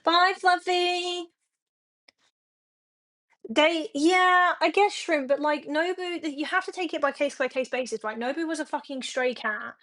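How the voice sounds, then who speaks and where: High pitched streamer girl, sweary and rambly, just yapping at home. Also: measured pace, fairly bright tone. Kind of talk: casual chat to a live stream audience.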